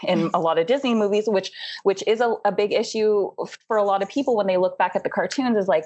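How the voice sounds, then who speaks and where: A woman's voice: medium pitch, fairly quick, darkish tone. A young adult woman co-hosting a podcast in casual chat, rambling and filling her talk with "like.". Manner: rambling, says "like" constantly, laughs often. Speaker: podcast co-host.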